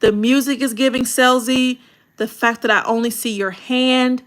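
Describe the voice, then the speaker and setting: A woman coaching content creators in a livestream video critique, talking in a direct, colloquial and animated way. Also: on the high side, moderate pace.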